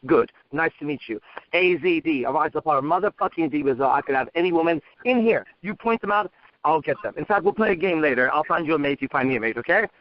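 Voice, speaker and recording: A man coaching in a brash, fast, swearing way, acting out a pushy conversation to show how a story should be told. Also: fairly high pitch, animated, lo-fi sound. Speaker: dating coach. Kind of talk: profane, fast role-play coaching.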